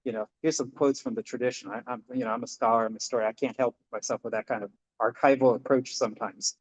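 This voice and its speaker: A man's voice: mid-range voice, fairly even intonation, fast talker. A man, a Buddhist minister, giving an informal dharma talk in a chatty storytelling way, with many fillers and restarts. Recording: dull lo-fi sound.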